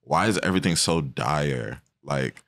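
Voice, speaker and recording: Deep-voiced laid-back man. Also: unhurried, a bit bright. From Massachusetts, US. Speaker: podcast guest. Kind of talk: casual group chat.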